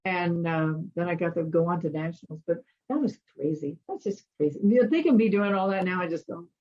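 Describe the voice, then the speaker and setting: Woman telling lively stories, slightly muffled. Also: on the low side, a little fast. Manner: animated, acts out voices in her stories. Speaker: guest. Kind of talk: storytelling in an interview.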